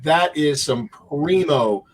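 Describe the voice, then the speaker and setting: A man's voice: a little high, lively intonation, slow, slightly rough, poor audio. A man on a video call telling jokey stories as a livestream guest. He acts out the people he quotes. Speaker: guest author. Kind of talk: casual storytelling on a livestream.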